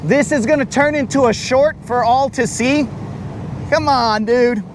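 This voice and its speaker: A man streaming live from a fishing boat on a lake, joking with his chat in a slangy way, his voice a bit raspy from talking. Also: very high voice, a little slow, background noise. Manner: slangy, joking, talks to chat as bro and dog.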